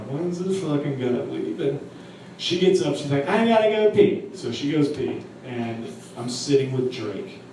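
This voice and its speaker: A man's voice: mid-range voice, background noise. Crude stand-up man in echoey club. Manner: crude, profane, rambling anecdote with laughs. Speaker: stand-up comedian. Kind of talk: stand-up storytelling. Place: comedy club stage. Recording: very echoey live room from a distance, crowd ambience.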